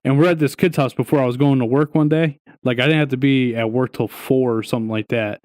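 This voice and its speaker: A young adult man co-hosting a podcast, telling stories in a casual, profane, animated way, full of "dude" and "right?". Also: medium pitch, fast, dry recording. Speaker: podcast co-host. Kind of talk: casual storytelling chat.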